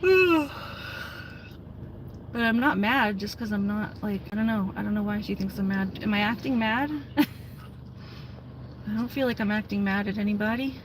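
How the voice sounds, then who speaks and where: A woman's voice: mid-range voice, normal speed, long pauses. Tired woman chatting in a noisy car. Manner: chatty, laughs often, many fillers like "like"; keeps her voice quiet and calm on purpose. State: tired with a headache. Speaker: vlogger. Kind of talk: casual chat while driving. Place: in a car on country roads. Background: vehicle noise.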